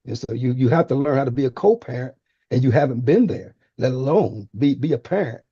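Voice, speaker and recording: A man with a dark, husky voice, explaining steadily as a radio guest who teaches fathering classes. The recording sounds dull and lo-fi. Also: medium pitch, animated, a little fast, no room sound. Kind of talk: conversational radio talk.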